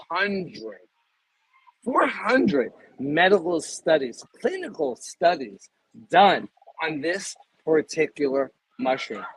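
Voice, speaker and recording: A man in his fifties, a guest in a casual interview, talking in an emphatic, salesy pitching way. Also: a little hiss or hum, rough recording. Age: 50s.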